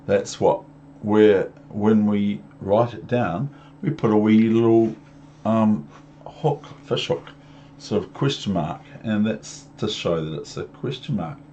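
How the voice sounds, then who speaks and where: Older kiwi guy reading a kids book, lowish voice, dull recording with a bit of hiss. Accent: New Zealand. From New Zealand. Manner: gentle, explains slowly with pauses. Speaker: children's book reader. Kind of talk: reading a picture book aloud to children. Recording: dull home recording with faint noise.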